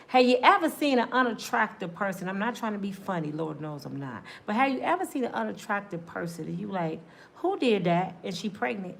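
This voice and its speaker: A woman delivering a comedic monologue, acting out little scenes and swinging between loud bursts and hushed asides. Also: mid-range voice, creaky. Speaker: comedic talk show host.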